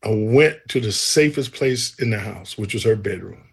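A man's voice: lowish voice, animated, moderate pace, gravelly, slightly rough. A man telling his personal faith testimony in an earnest, vivid way, acting out the dialogue as he goes. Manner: earnest, vivid storyteller who acts out dialogue. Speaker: guest sharing a faith testimony.

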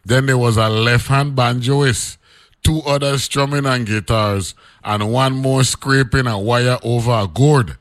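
A man's voice: mid-range voice, fairly even intonation, unhurried, no echo. A man, hosting a radio show and reading an old newspaper article aloud, breaking off into loose, chatty asides.

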